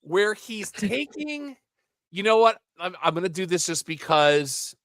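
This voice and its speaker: A man co-hosting a casual podcast, rambling through animated movie recaps with side comments. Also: high-pitched, a little slow, no echo, clean studio sound. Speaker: podcast co-host.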